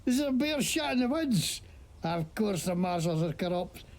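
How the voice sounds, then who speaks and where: A woman's voice: on the low side, very animated, moderate pace, darkish tone. A woman voicing a noseless, earless wasteland shop owner who fakes a Scottish accent in a video game, speaking in a swaggering, profane, grumbling way. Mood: scornful. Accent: put-on Scottish. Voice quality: gravelly, raspy.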